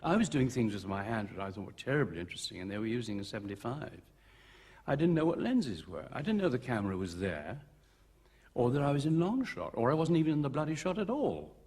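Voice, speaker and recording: A man's voice: medium pitch, sing-song, fast, darkish tone, husky. An older man in his seventies, a veteran actor, recalling his film career in an interview with wry, theatrical storytelling and acted-out dialogue. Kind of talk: reflective interview anecdotes.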